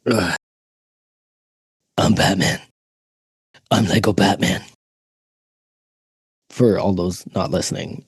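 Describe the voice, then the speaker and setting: A man's voice: low-pitched, creaky, mellow, slightly rough, no room sound. A man in his thirties co-hosting a podcast over a video call, goofing around with silly voices while chatting casually. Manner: goofy, tries silly voices. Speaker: podcast co-host. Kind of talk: casual chat.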